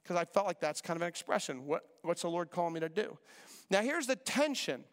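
A man preaching a sermon as pastor, animated and repetitive, acting out voices when he quotes people. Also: sits high, fairly quick. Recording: long hall reverb.

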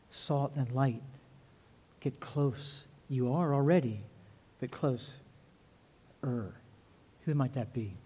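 A middle-aged man preaching a sermon as pastor, earnest, often repeating words and slowing down to stress key phrases. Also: medium pitch, warm tone.

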